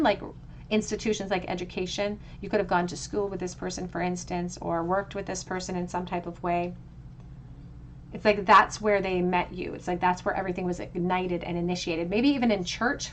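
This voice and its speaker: A woman doing a pick-a-card tarot reading speaks in a medium pitch, her talk flowing and reflective, with frequent restarts of her phrases. There's slight background noise.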